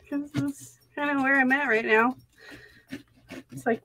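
A chatty woman with a Minnesota accent chats through an art live stream, narrating her own crafting as she goes. Her voice sits a little high, and the sound is close and dry with no room echo. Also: fairly even intonation, takes it slowly, bright, forceful tone. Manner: chatty, talks to herself as she works. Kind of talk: casual chat while crafting.

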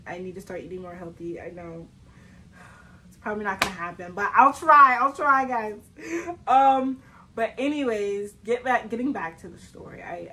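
A woman's voice: medium pitch, fairly bright tone, poor audio. A young woman, chatting casually to camera as a vlogger, telling stories with lots of fillers and frequent laughter. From Southern United States. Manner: chatty storytelling, laughs often, many fillers.

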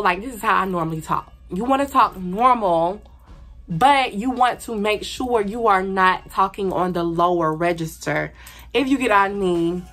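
A woman's voice: medium pitch, fairly bright tone. A young woman giving blunt, slangy, sassy advice in a casual vlog, repeating her points for emphasis. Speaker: beauty and advice vlogger.

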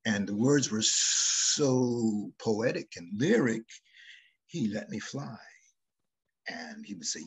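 An older man, an actor, telling stories from his career in an unhurried, reflective way as an interview guest. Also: on the low side, big pitch swings, slightly rough. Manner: unhurried storyteller, drifting between loud and hushed. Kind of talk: reflective anecdotal conversation.

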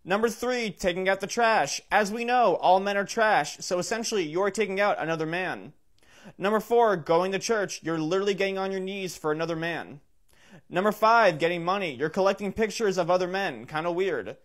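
A man with a fairly high voice works through a numbered list like a solemn lecture. He keeps a dry, deadpan delivery. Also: moderate pace. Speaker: comedy TikTok creator. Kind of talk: mock-serious countdown list.

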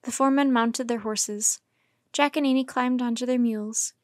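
Calm woman reading a storybook. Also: on the high side, moderate pace, no room sound, studio quality. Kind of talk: reading a children's chapter book aloud.

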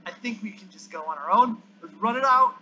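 A male gamer giving excitable commentary as he plays, yelping and groaning at the game. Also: high voice, brisk. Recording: dull lo-fi recording with faint hiss.

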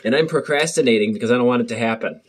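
A young man chats to the camera from his bathroom at home, jittery and jokey, circling back to the same worries. His voice is husky and middle-pitched. The sound is muffled, as if caught by the camera's own microphone. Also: very fast. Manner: nervous, rambling, jokey. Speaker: vlogger. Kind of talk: casual chat to camera. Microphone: built-in camera mic, muffled.

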